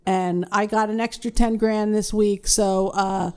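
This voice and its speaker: A woman's voice: medium pitch, fairly even intonation, unhurried, darkish tone, clear, resonant tone. A woman co-hosting a casual podcast, chatty, sometimes reading out facts. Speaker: podcast co-host. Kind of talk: casual chat.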